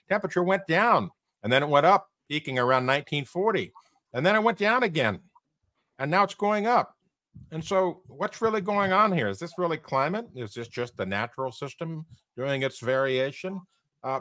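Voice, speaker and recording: A man's voice: mid-range voice, dry recording. A man hosting a panel discussion, walking through charts and asking rhetorical questions. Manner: animated, fond of rhetorical questions. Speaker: show host.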